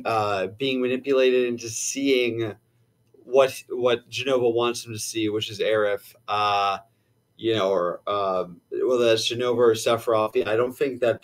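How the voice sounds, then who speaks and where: A man's voice: mid-range voice, a bit bright, poor audio. A man as a guest in a casual game discussion, thoughtfully working through his theories aloud.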